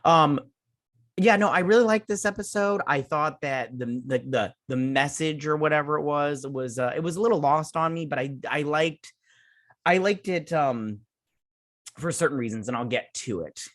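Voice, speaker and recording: A man's voice: on the high side, moderate pace, a bit bright, dry recording, clean studio sound. A man hosting his own channel, reviewing a TV episode in a rambling, scatterbrained casual chat. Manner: rambling, scatterbrained, many restarts.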